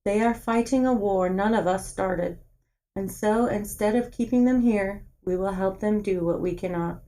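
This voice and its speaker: Stern island queen, commanding and measured, read by a woman. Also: medium pitch, warm tone, natural voice, rough recording.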